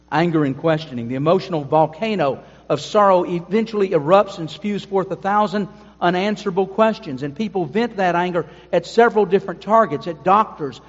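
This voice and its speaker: Man, pastor preaching, emphatic, fairly high voice, long hall reverb, dull sound. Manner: preaching with rising emphasis and asides to the congregation. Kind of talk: sermon. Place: church sanctuary.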